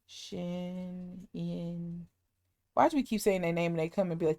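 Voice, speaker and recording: A woman co-hosting a podcast in casual chat, blunt and profane, with quick joking asides. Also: on the low side, fairly even intonation, warm tone, no room sound, studio quality. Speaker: podcast co-host.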